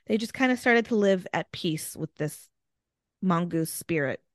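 A woman co-hosting a podcast, telling a strange story in a casual, animated way with lots of fillers. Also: fairly low pitch, unhurried, no echo, studio quality. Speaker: podcast co-host.

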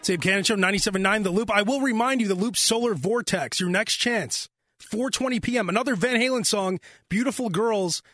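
A man's voice: sits high, a little fast, fairly bright tone, soft background music. A man hosting a radio morning show, rambling and joking in casual on-air banter. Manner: rambling, joking, self-interrupting. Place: radio studio. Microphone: studio microphone.

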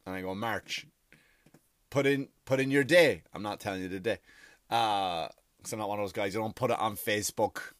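A man's voice: on the low side, normal speed, dry recording, clean studio sound. A man in his forties delivering a rambling, profane comic monologue as a podcast host.

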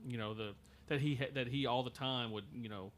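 A man of middle pitch tells a story on a podcast. His delivery is loose and conversational, and he often stops and restarts his sentences with lots of fillers. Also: steady tone, fairly bright tone. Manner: halting, many fillers and restarts. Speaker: podcast host. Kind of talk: casual storytelling.

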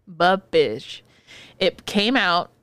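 Smooth low-voiced woman, casual podcast chat. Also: very slow. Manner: animated, profane storytelling. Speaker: podcast co-host; occupational therapist.

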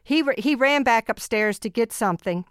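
Woman in her sixties, earnest storyteller, slightly high voice, dry close sound. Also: moderate pace, no echo. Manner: earnest, animated storyteller who laughs while telling. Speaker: guest, mother of ten. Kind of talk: personal storytelling in an interview.

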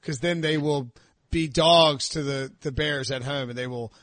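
A man hosting a sports podcast, talking in an animated, mocking, casual way. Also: on the high side, unhurried, no room sound. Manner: animated, mocking, puts on voices of fans. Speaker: podcast host.

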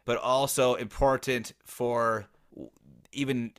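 A man's voice: medium pitch, steady tone, slow pace. A man co-hosting a casual sports podcast, blunt and profane, telling stories with animation. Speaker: podcast co-host.

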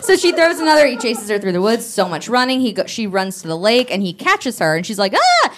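Woman, podcast co-host, casual recap, animated, lively swooping pitch, playful voices, live theater stage. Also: fast. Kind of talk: casual chat recapping a book.

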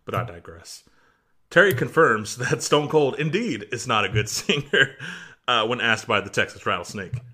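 A man's voice: medium pitch, moderate pace, slightly rough. A man co-hosting a wrestling podcast, chatting casually and laughing often. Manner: animated, laughs often, puts on shouting voices for quotes. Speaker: podcast co-host. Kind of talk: casual wrestling review chat.

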